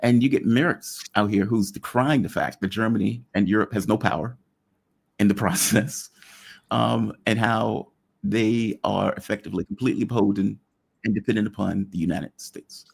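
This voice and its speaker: A man hosting a casual political talk show, blunt and joking with quick asides. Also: on the low side, fairly even intonation, creaky, husky. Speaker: show host.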